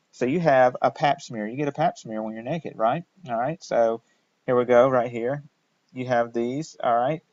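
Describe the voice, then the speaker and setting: A man's voice: mid-range voice, dry recording. A man giving a recorded lecture in a casual, jokey way, often checking in with "all right?". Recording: dull lo-fi dry recording.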